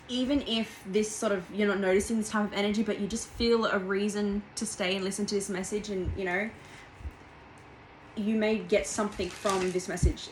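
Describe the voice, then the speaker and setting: A woman's voice: mid-range voice, slight background noise, poor audio. Rambling young woman doing a tarot reading. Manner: rambling and heartfelt, with frequent fillers and restarts. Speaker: tarot reader. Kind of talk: casual tarot reading monologue.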